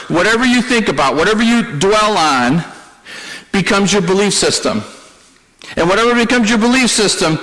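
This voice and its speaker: Pastor guy preaching, kinda high voice, chatty, repeats himself, long echoey church reverb. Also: sharp tone. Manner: conversational preaching with repetitions and self-deprecating humor. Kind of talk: sermon.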